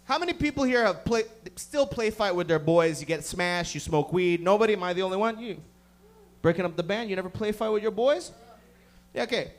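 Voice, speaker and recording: A man's voice: high voice, lively intonation, a little fast. A man in his thirties doing rowdy, profane stand-up storytelling on a comedy club stage. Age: 30s.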